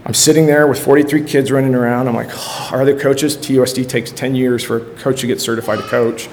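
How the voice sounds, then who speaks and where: A middle-aged man, a high school football coach, giving an earnest storytelling testimony in church, acting out quotes with bursts of energy. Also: fairly even intonation, a little fast, darkish tone, slight background noise.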